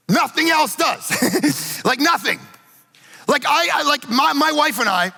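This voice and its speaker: A man in middle age delivers a chatty, story-driven sermon in a high, bright voice with a gravelly edge. He slips into little acted asides as he goes. The sound carries the long reverb of a church hall. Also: animated, moderate pace. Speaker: pastor. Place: church sanctuary.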